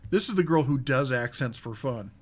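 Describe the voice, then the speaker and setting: A man's voice: mid-range voice, lively intonation, normal speed. A man hosting a live podcast about tools, reading viewer comments aloud and answering them in a casual, rambling way. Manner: casual and rambling, with many fillers. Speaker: podcast host.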